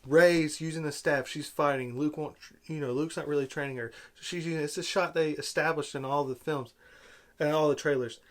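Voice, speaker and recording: A man giving an exasperated, sarcastic film review rant, swinging between loud outbursts and low muttering. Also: fairly even intonation, a little fast. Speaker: movie reviewer.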